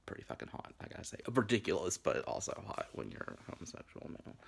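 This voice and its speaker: A young man in his twenties talks through a casual, rambling commentary. His voice sits low and carries a gravelly fry, and he keeps dropping crude, campy, profane asides. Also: big pitch swings, fast. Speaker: vlogger.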